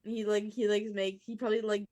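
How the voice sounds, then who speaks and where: A young woman voices her character at a tabletop game. She narrates haltingly, full of fillers, in a mid-pitched voice. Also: flat delivery, darkish tone. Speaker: player.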